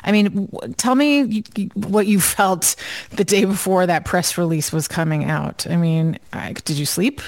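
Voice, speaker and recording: Curious woman interviewer, slightly low voice. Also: moderate pace. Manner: curious, probing, lively reactions. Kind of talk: conversational interview.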